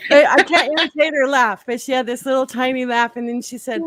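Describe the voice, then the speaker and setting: A woman's voice: on the high side, moderate pace, few pauses, fairly bright tone, dry recording. Chatty woman telling a story. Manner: chatty storytelling with many fillers. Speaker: guest tarot reader and medium. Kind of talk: casual chat.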